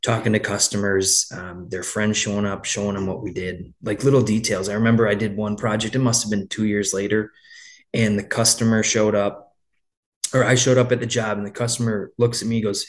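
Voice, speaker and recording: Rambling storytelling man, lowish voice. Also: little pitch movement, moderate pace. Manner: rambling, frequent restarts, storytelling with quoted dialogue. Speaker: landscaping business owner. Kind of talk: casual interview talk.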